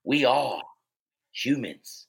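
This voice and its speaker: A man putting on the voice of an older male president giving a solemn, rousing speech, with a raspy, grave delivery. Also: mid-range voice, sing-song, drawn-out words, heavily acted.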